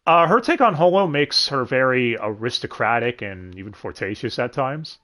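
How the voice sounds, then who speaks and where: A man's voice: mid-range voice, pushed and bright. A man co-hosting a casual podcast, talking animatedly about an anime dub, swearing freely and laughing often. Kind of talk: casual chat.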